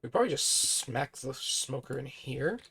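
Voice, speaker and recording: A man with a hoarse, fading voice, chatting casually on a live stream as he plays a building game and thinks aloud. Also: medium pitch, very animated, moderate pace, a bit bright.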